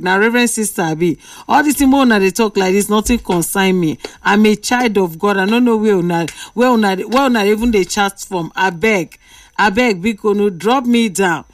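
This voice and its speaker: A woman's voice: medium pitch, no echo, studio quality, distant mic. A Nigerian woman hosting a late-night radio call-in, playfully reading out listener messages and bantering with callers.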